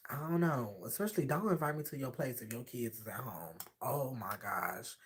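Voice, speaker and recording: A man telling a hookup story on a casual livestream, sassy and animated, acting out the voices of the people he quotes. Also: medium pitch, normal speed, slight background noise.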